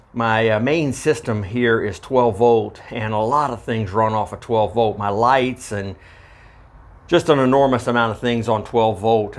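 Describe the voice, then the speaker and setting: A man walking through his homestead project in a casual how-to video, rambling and correcting himself as he goes, holding a handheld microphone. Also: mid-range voice. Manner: rambling, halting, with frequent uhs and self-corrections. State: out of breath. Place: outdoor homestead fodder house.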